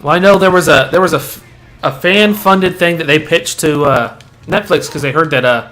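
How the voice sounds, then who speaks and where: A man's voice: on the high side, moderate pace, bright, forceful tone. Casual man swearing at a game. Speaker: co-host playing the game. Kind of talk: casual gameplay chat.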